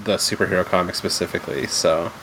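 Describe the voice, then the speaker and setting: A man's voice: sits low, steady tone, quick pace, a bit bright, slight background noise, rough recording. A man chatting casually over a video call, blunt and jokey, swearing freely. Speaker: podcast guest. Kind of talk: casual chat.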